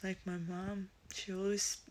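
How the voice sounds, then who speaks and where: A young woman streaming live, talking casually in a halting, hesitant way as she searches for words, emotional and teary. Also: medium pitch, little pitch movement, a little mellow, a little hiss or hum.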